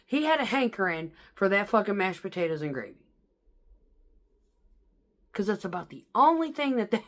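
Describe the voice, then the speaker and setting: Woman vlogger, foul-mouthed and animated, swinging her pitch widely as she rants. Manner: blunt, sweary, animated, mimics coworkers. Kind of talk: casual profane storytelling.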